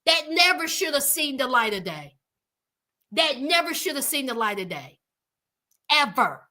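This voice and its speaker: Woman on a livestream, real high voice, talks slow, calls out viewers by name. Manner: animated, exclaiming, addresses viewers by name. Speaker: livestream host. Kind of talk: casual commentary chat with viewers.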